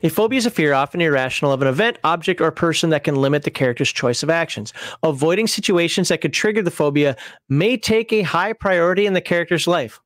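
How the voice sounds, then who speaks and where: Animated man telling a story, dry sound. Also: fairly high pitch, quick pace, no echo. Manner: animated storyteller, laughs at himself, many restarts. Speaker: host explaining game rules. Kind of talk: casual explanatory talk with a personal story.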